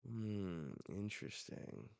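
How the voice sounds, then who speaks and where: Slow, low-voiced man reacting to a comic. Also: expressive, creaky, darkish tone, clean tone, no echo. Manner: slow, casual, slangy asides. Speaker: manga reaction host. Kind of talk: reading a comic aloud and reacting live.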